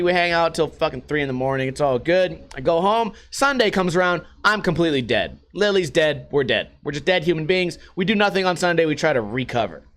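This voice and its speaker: A man telling stories about his week in a casual, profane vlog monologue, animated and swearing often. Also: on the high side. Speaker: vlogger.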